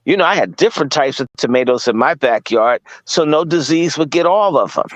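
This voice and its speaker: A man's voice: on the high side, animated, brisk, no room sound, poor audio. A man from Washington, D.C. giving a casual lecture, firing rhetorical questions at his listeners, blunt and profane. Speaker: guest speaker.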